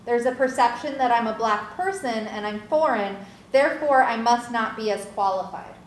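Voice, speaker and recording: Woman, academic lecture, somewhat high voice, echoey room, faint background hiss. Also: normal speed. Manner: earnest, reads participant quotes aloud. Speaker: guest speaker presenting research.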